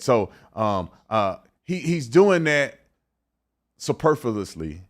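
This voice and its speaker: A man's voice: medium pitch, expressive, moderate pace. A man hosting a commentary show, talking bluntly and repeating words as he reacts to clips. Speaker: show host.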